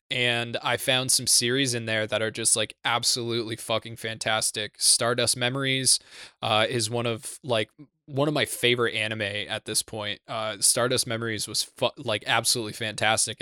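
A young man hosting a podcast in casual chat, rambling and swearing with lots of fillers and restarts, close to the mic in a quiet room. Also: mid-range voice, smooth, no room sound. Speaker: podcast host.

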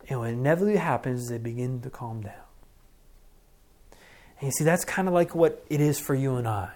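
A middle-aged man preaching a sermon as pastor, earnest and conversational, acting out deep breaths. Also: expressive, brisk, long pauses, dark tone.

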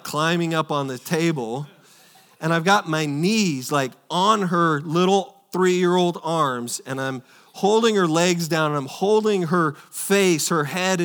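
A male pastor preaching a sermon, telling a personal story in an earnest way, repeating words and swinging between loud and soft. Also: fairly high pitch, measured pace.

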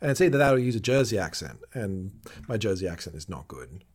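A man, hosting a podcast in casual chat and recapping episodes in a jokey, animated way. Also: sits low, fast talker, slightly rough. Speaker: podcast host.

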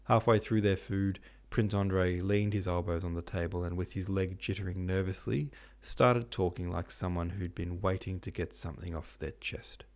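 A man's voice: low voice, moderate pace, hardly any pauses. A man hosting a podcast, reading a classic novel in a casual, slangy retelling. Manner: slangy, relaxed. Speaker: podcast host and reader.

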